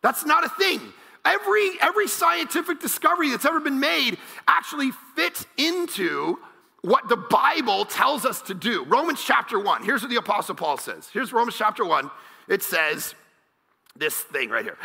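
A male pastor preaching a sermon, energetic and joking, now and then bursting into shouts. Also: very high-pitched, moderate pace, gravelly, husky, in a large hall. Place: large church auditorium.

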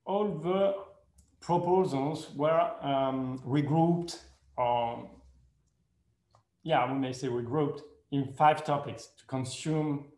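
A man giving a conference presentation in careful non-native English, hesitant and full of pauses and fillers, correcting himself as he goes. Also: medium pitch, a little mellow. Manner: speaks English as a second language. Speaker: conference speaker. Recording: echoey room.

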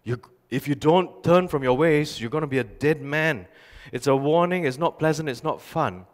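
A man's voice: fairly high pitch, lively intonation, moderate pace. A male pastor preaching a sermon, telling stories animatedly with emphatic repetition. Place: church sanctuary. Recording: long church reverb.

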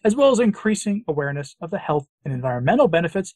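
Husky, sarcastic American commentator. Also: male voice, high-pitched, big pitch swings, very fast, few pauses, darkish tone, no room sound. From United States. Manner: sarcastic, emphatic, with repeated phrases. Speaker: commentary channel host. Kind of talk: opinion commentary reading news quotes.

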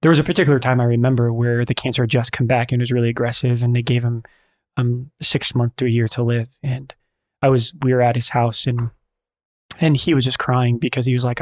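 A male priest recounts a story in a relaxed conversation. He speaks earnestly at a middle pitch, stopping and restarting often as he searches for words. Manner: earnest, halting, many restarts. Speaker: priest and friar.

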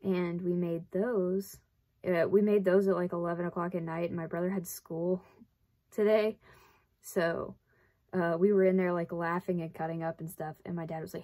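A woman's voice: on the low side, level tone, normal speed, dark tone. A young woman from the southern United States with a light Southern accent, rambling in a casual vlog while she sews, full of "like" and wry self-deprecating asides. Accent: light Southern American. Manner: rambling, chatty, says "like" often. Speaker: vlogger. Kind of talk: casual chat while sewing.

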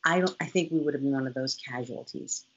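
A woman guest on a podcast, recounting a personal story in an animated way, often acting out what others said and laughing. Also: a bass voice, quick pace, breathy edge, lo-fi sound. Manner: animated, acts out quoted voices, laughs often.

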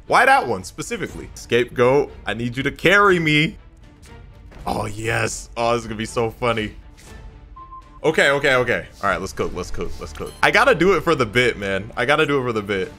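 A young man giving chatty, excitable, jokey commentary as he plays a card game. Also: medium pitch, a little fast. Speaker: YouTuber playing a card game. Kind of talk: live gameplay commentary. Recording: faint music behind.

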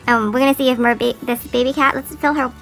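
Very high-pitched gushing toy-unboxing woman. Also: steady tone, fast talker, a bit bright. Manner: gushing, gasping, sing-song baby talk to toys. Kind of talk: excited toy unboxing chat. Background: background music.

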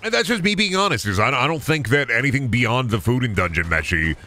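Sharp-voiced, profane ranting man. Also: medium pitch, big pitch swings, brisk. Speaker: streamer. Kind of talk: casual chat while gaming.

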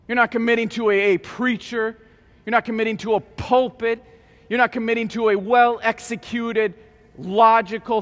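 A man preaching a keynote sermon, dramatically acting out scripture scenes with sudden loud outbursts. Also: high-pitched. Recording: long hall reverb.

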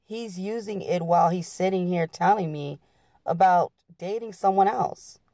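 Gravelly-voiced woman reading a memoir. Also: fairly low pitch, moderate pace, mellow, no echo, studio quality. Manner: plain-spoken, blunt. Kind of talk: reading a book aloud.

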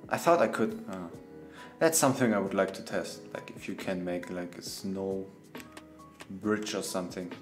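A man's voice: deep voice, normal speed, soft background music. A man, a gaming streamer chatting playfully through live gameplay, laughing often and talking to the animals in the game.

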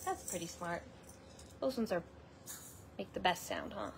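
Encouraging woman amid clear background noise. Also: fairly low pitch, wildly swooping pitch, a little slow. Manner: encouraging, coaxing, playful. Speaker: parent hosting a family livestream. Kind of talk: casual chat. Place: family home indoors.

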